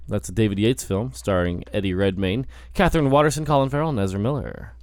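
The movie podcast host speaks quickly in a darkish voice on the low side, rambling and cutting himself off mid-sentence to laugh with his friends. A little hiss or hum sits under the recording.

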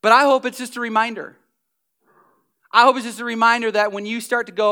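Male pastor, high clear voice, lively preaching that dips to hushed tones. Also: a little fast, pauses often. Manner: animated, acts out scenes, drops to near whisper. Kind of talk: sermon.

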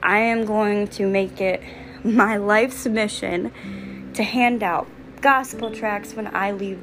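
A woman's voice: medium pitch, low-quality recording. Earnest young woman giving testimony. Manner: earnest and emphatic, with repeated declarations. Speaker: mother sharing her faith. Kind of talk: personal faith testimony to camera.

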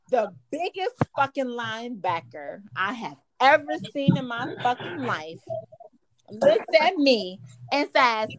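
A young woman telling a story in a brash, profane, animated way. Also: high voice, unhurried, a little hiss or hum, low-quality recording. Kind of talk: casual storytelling.

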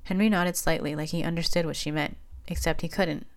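A woman with a deep, low voice reads a fan story aloud as storybook narration. Her delivery is steady and plain, one voice carrying the whole tale. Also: fairly quick. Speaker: fanfiction reader.

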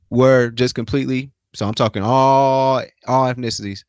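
A man's voice: medium pitch, fairly even intonation, moderate pace, hardly any pauses, a little mellow, smooth, no echo. A man co-hosting a casual sports talk podcast, speaking loosely in slang with frequent restarts. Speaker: podcast co-host.

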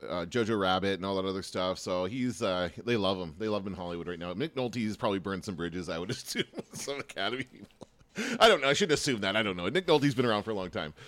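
A man's voice: sits low, lively intonation, quick pace, a bit bright, no echo. A man co-hosting a casual chat about TV awards, rambling and hesitant with many fillers. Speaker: podcast co-host.

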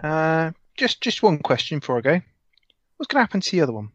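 A man's voice: fairly high pitch, sing-song, quick pace, fairly bright tone, no room sound, muffled recording. A man playing a tabletop role-playing game in character, laid-back and cocky, calling others mate. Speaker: player.

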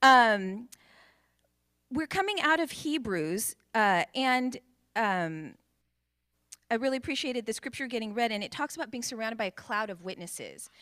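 A woman from the United States, a guest preacher giving a conversational sermon in a church, chatty and informal with frequent ums and quick asides. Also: fairly high pitch, lively intonation, sharp tone. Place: church sanctuary with a congregation, also streamed to Zoom.

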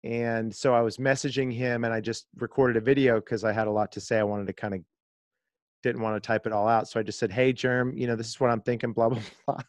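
Animated man telling stories. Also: medium pitch, fast, no echo. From Kansas, USA. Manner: animated storyteller, laughs often. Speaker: guest, disc golf video creator. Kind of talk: casual podcast chat, storytelling.

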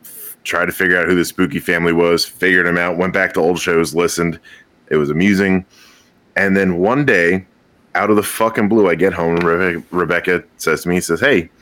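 A man's voice: low-pitched, normal speed, a bit bright, dry recording. A young man guest on a podcast, telling a rambling story with casual swearing and frequent laughs.

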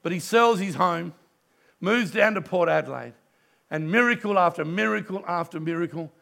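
A middle-aged man, preaching a sermon in church and telling a story with passion, dropping to a hush and then rising loud. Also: sits high, moderate pace, vocal fry. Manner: impassioned storytelling preacher, swings from hushed to loud. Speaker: pastor.

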